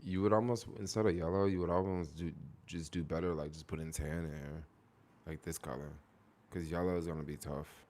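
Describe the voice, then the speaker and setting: A man's voice: low voice, fairly even intonation, a little fast, darkish tone. A young man chatting casually on a live stream, rambling with lots of fillers and answering viewer comments.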